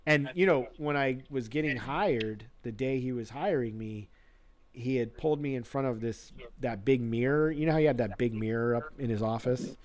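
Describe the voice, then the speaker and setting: A man's voice: medium pitch, moderate pace. A man, a guest, telling a casual anecdote in a rambling way, full of fillers and acted-out quotes. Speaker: guest creature mask maker.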